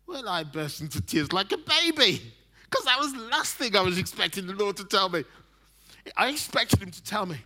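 A man in his sixties delivers a sermon in a slightly higher-than-average voice. He swings from loud, emphatic lines to soft, near-whispered ones, and laughs at his own stories as he goes. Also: sing-song, moderate pace. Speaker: preacher.

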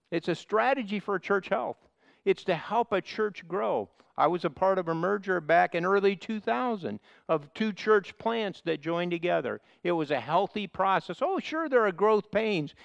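A man with a nasal Midwestern American accent preaching a sermon as a visiting pastor, earnest and repetitive, often pausing with uhs and restarting his sentences. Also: high voice, clear, resonant tone, no room sound. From Ohio, United States.

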